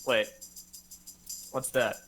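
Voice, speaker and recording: A man's voice: drawn-out words, a bit bright, faint music behind. A man hosting a casual livestream podcast, joking and teasing his co-host.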